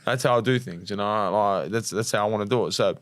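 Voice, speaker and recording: Fast-talking Australian young man. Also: on the low side, no room sound. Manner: rapid, animated storytelling with acted-out quotes and swearing. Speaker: podcast guest, martial arts fighter. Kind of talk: casual storytelling interview.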